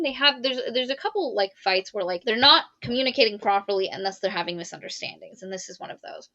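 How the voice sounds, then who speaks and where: A woman co-hosting a podcast, retelling a novel's plot in casual, animated chat, swearing and quoting characters. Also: mid-range voice, a little fast, hardly any pauses, no room sound, dull audio. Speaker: podcast co-host. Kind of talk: casual book review chat.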